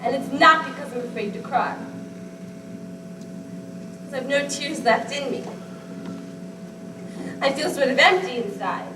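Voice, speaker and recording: A woman on a school stage playing a fragile, childlike grown daughter who pleads emotionally with a voice that keeps breaking, taken from a distant, echoey stage recording with clear hiss. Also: high voice, a little slow, pauses often. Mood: pleading. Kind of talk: amateur stage acting.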